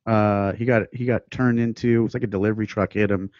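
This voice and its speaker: A man, a musician chatting casually on a podcast and telling rambling stories with quick laughs. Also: on the low side, steady tone, darkish tone. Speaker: guest musician. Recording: dry, dull lo-fi sound, mic too close to mouth.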